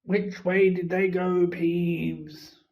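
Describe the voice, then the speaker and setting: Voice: mid-range voice, flat delivery, extremely slow, vocal fry, a little mellow. A reader voicing a grumpy old male caretaker who demands answers impatiently, in a slightly muffled recording.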